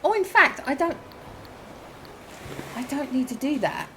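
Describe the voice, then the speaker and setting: A woman in her fifties from Essex, with an Essex English accent softened by her mother's corrections. She chats casually as she plays a game, thinking aloud with ums and quick self-corrections. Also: high-pitched, animated, slight background noise, low-quality recording. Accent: Essex English, softened by parental correction. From England, Essex. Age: 50s. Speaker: game streamer. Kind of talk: casual gameplay commentary.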